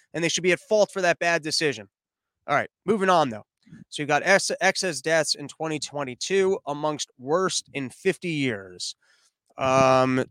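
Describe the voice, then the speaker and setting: Animated argumentative man, dry close mic. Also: a little high, no echo. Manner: animated, argumentative, acts out quoted officials. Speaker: podcast host. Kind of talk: political commentary monologue.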